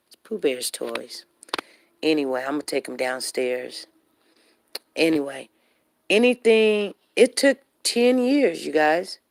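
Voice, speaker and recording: A woman talks into her phone at home, still a little winded after a walk. Her pace is slow and unhurried and her voice sits on the low side. The sound is close and dry, with no room echo. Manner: chatty, addresses viewers directly, talks to her dog. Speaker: vlogger. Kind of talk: casual live-stream chat while walking home. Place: at home, indoors.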